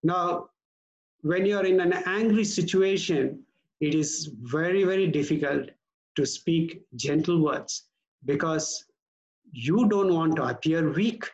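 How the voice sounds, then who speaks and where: A man preaching a sermon as pastor, earnest and measured, slowing down to stress key words. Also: a little high, darkish tone, lo-fi sound.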